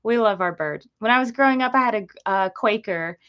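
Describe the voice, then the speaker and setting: This woman's medium-pitched voice moves a little fast, and the sound is lo-fi, as she hosts a casual gecko livestream. A breeder herself, she chats with viewers, gets easily distracted, and baby-talks to her parrot.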